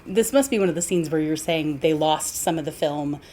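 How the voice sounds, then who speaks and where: A woman's voice: sits low, fairly quick, dark tone, a little hiss or hum. A woman co-hosting a podcast, chatting casually about an old film, laughing and incredulous. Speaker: podcast co-host.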